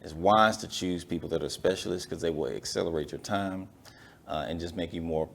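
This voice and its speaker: A man's voice: sits low, fairly quick, vocal fry, a little hiss or hum. A man hosting a business interview show, reflecting on what his guest said and affirming it. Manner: reflective, gives affirming murmurs, gentle teasing. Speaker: podcast host.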